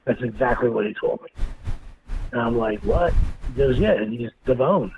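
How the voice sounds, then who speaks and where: There's vocal fry in this man's medium-pitched voice, and he keeps a moderate pace. As an interview guest, he spins a story with lots of swearing, coming across as blunt and animated. It sounds like a tinny phone line with a bit of faint noise.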